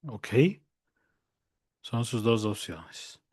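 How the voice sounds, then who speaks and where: A man's voice: fairly low pitch, lively intonation, very slow, a little mellow, husky, no echo, clean studio sound. A man teaching a language class online. He repeats each point patiently and keeps checking that his students understand.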